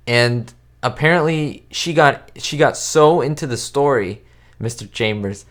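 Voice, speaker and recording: A man hosting a casual live stream, chatting with viewers and answering their questions in a rambling way, with lots of fillers and restarts. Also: medium pitch. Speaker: YouTube host answering live chat. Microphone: webcam setup at home.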